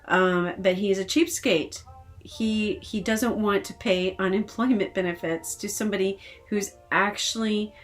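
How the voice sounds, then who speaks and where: A woman talks straight to camera in a casual personal vlog, venting her frustration. She rambles and hesitates often, circling back as she speaks, in a voice of ordinary pitch. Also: steady tone, unhurried. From Texas. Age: adult with decades of work history. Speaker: vlogger.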